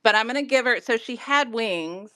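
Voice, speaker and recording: A woman's voice: a little high, lively intonation, moderate pace, bright, forceful tone, no room sound, clean studio sound. A middle-aged woman from Georgia with a mild Southern accent, chatting casually and self-deprecatingly on a craft livestream. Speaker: guest crafter.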